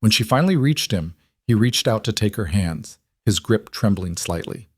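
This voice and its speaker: A man narrating a scripted western romance story in a measured, gentle way. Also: fairly low pitch, lively intonation, breathy edge, no room sound.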